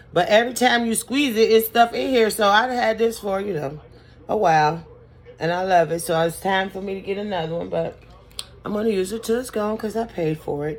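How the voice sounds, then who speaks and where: A woman beauty vlogger telling a story in a casual, chatty, sassy and colloquial way while she does her makeup. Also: medium pitch.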